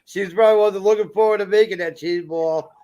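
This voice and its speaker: Host: middle-aged guy, slightly high voice, folksy and talkative. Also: fairly quick, warm tone, highs cut off. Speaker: livestream host. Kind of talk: casual livestream chat.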